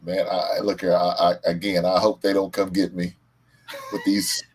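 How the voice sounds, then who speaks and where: A man hosting a podcast, chatting casually and teasing his guest in an animated way. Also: deep voice, slightly rough. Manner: animated, quick to laugh, teasing. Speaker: podcast host. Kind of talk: casual chat.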